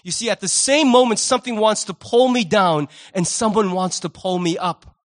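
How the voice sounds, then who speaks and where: A high-pitched man delivers a Sunday sermon from the pulpit. He paints vivid scenes with animated storytelling and drops humorous asides along the way. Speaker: pastor.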